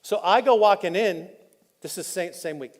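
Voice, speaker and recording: A man pastor, preaching a candid, personal sermon that drops soft and choked up when he is moved. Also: sits high, moderate pace. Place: church auditorium. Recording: live in a reverberant church hall.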